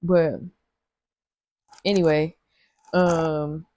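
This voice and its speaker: A woman's voice: deep voice, level tone, drawn-out words, warm tone. A young woman telling a rambling, slangy storytime to her viewers, laughing often. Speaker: vlogger. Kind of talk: casual storytime chat.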